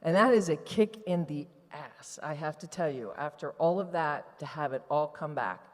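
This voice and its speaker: A woman's voice: deep voice, moderate pace. A woman giving a candid, emotional personal testimony to a live audience from a stage. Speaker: retreat participant giving testimony. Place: large event hall on stage. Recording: long hall reverb from a live venue.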